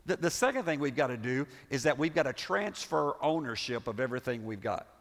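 A male pastor preaching a sermon, animated and full of rhetorical questions, often restarting his words. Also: medium pitch, fairly quick. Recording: reverberant hall.

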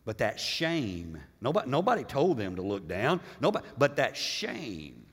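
A man preaching a sermon with emphatic repetition, swinging between loud passages and hushed ones. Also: medium pitch, huge pitch swings, moderate pace, husky, big-room sound. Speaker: pastor.

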